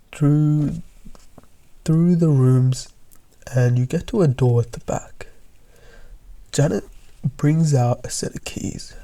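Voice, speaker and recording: A young man with a mid-range voice casually narrates a second-person storytime, often slipping into hushed, half-whispered asides.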